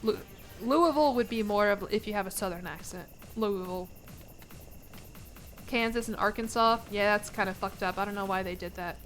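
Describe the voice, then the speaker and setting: A woman's voice: medium pitch, brisk, faint music behind. A young American woman streaming a game, chatting casually with her viewers in a playful, rambling way. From United States. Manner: rambling, playful, laughs between lines.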